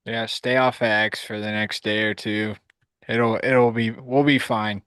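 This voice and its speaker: A man's voice: on the low side, level tone, unhurried, a bit bright, clear, resonant tone, no room sound. A man co-hosting a live sports podcast, laid-back and teasing his co-host.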